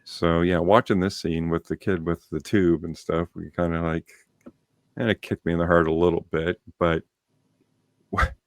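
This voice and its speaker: A man with a very low voice tells a personal story on a podcast, blunt and freely profane. The sound is close and dry, with no room around it. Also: little pitch movement, measured pace, dry recording. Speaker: podcast host. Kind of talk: casual chat, storytelling.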